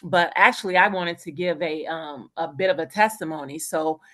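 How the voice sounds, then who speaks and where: A woman, a teacher, earnestly sharing a testimony on a call, with many ums and pauses. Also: sits low, fairly bright tone. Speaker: caller, teacher.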